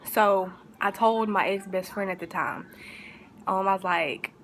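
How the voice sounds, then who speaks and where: A woman's voice: mid-range voice, measured pace, a bit bright. A young woman telling a personal story in a casual, rambling way, full of fillers and restarts, with a faint hiss behind her. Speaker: vlogger.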